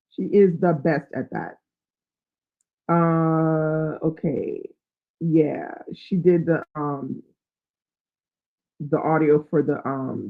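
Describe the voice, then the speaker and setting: A woman hosting a live book chat, reading out viewer comments and thinking aloud with fillers. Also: sits low. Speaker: book channel host. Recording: tinny, phone-like sound.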